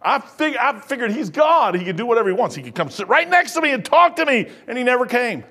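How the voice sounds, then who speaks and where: This pastor, a man in his sixties, talks fast in an extremely high-pitched voice while preaching a folksy, animated sermon. Quiet asides give way to loud bursts, and he performs the voices of his story characters.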